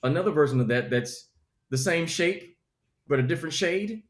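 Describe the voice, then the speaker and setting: A comedian with a Southern accent, riffing in an animated, preachy way with comic asides during an interview. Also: male voice, on the high side, moderate pace, echoey room. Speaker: comedian guest. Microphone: video call.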